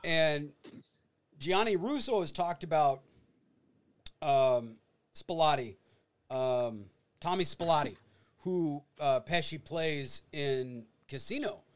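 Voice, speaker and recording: A man hosting a podcast, telling stories in a casual, animated and profane way. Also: on the high side, takes it slowly, long pauses, clear, resonant tone. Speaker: podcast host. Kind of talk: casual chat.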